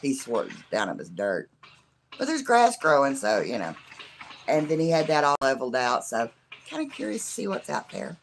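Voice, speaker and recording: A middle-aged live stream host talks casually to viewers in a scratchy, hoarse voice. The voice has a rough, gravelly edge. The talk rambles and leans on fillers like "you know", with faint noise underneath. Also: medium pitch, wildly swooping pitch, normal speed. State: hoarse from laughing.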